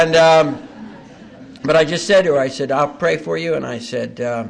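An older man with a gravelly, creaky voice tells his recovery story to a meeting. He speaks at a middle pitch, haltingly, with many fillers and a dry, self-mocking humor. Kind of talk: personal recovery testimony.

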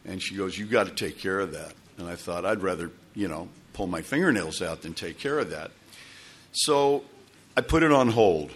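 A man's voice: deep voice, expressive, moderate pace, husky. A man telling a long personal story to a recovery group, rambling with restarts and asides. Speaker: speaker sharing at a recovery meeting.

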